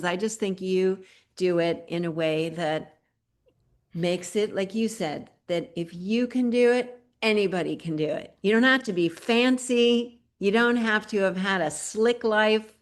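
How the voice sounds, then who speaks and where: A woman hosts an online community gathering over a video call. Her voice sits on the low side. She talks in an earnest, rambling way, full of filler words. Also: expressive, a little slow. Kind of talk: warm spoken tribute on a group video call.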